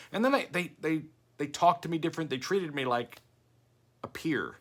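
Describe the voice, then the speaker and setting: An older man vlogging in a casual talking-head style, chatty and animated as he tells stories. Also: fairly high pitch, a little fast. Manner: chatty, animated storytelling with quoted voices. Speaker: vlogger host.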